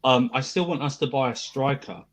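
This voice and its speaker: A man in a casual football chat, talking in a measured, hedging, thoughtful way. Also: medium pitch, a bit bright. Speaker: podcast co-host.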